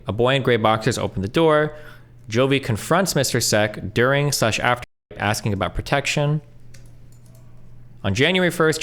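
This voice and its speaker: Man, streamer, mid-pitched voice, reads messages aloud fast, blunt asides. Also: a bit bright. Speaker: streamer reacting to online posts. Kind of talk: reading messages aloud with commentary.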